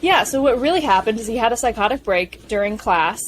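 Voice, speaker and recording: A young woman co-hosting a podcast, eagerly retelling film scenes in a gushing, animated way. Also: a little high, fairly quick, slight background noise. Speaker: podcast co-host. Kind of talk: casual film discussion chat.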